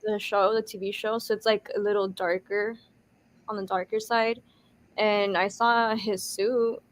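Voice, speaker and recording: A woman's voice: medium pitch, flat delivery, a little slow. A woman on a casual chat show, speaking hesitantly with many "like" fillers. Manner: hesitant, heavy use of "like".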